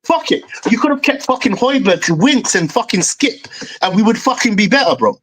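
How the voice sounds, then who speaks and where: A man's voice: sits high, lively intonation, moderate pace, fairly bright tone, poor audio. A young man hosts a football fan stream and rants angrily, swearing and saying "bro" again and again. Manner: angry, swearing, repeats "bro". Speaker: fan show host. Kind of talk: heated football fan rant.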